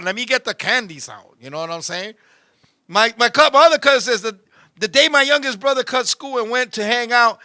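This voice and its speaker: A man hosting a show, telling animated, profane stories and often shouting as he talks. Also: extremely high pitch. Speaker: show host. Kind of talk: comedic storytelling chat.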